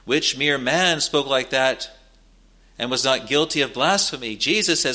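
A man preaching a sermon, slow and earnest, building to emphatic rises and pausing between phrases. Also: mid-range voice, pushed and bright.

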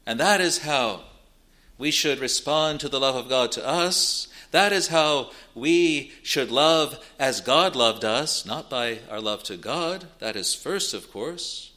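A male preacher delivering a sermon at a slow, unhurried pace. His voice is bright and forceful, with a deliberate, measured delivery as he reads out scripture and explains it. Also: medium pitch, animated.

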